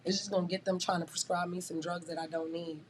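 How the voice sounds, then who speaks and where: A woman's voice: on the low side, level tone, fast talker, slightly rough. A woman in her twenties talking in a casual podcast chat, blunt and emphatic, swearing freely. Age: 20s. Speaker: guest rapper.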